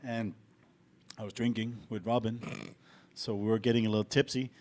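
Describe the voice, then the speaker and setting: A man's voice: lowish voice, normal speed. A man co-hosting a podcast in casual chat, telling travel stories with swearing and jokes. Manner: profane, joking, animated storytelling. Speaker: podcast co-host. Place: abroad, living in Tallinn.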